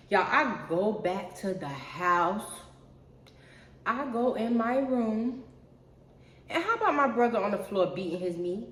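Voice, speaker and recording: A woman's voice: medium pitch, very animated, a little slow, long pauses, fairly bright tone. A young adult woman telling a personal story in a casual, profane monologue, often speaking straight to her viewers. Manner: chatty, profane, keeps addressing viewers as y'all. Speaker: storyteller vlogger. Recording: roomy echo.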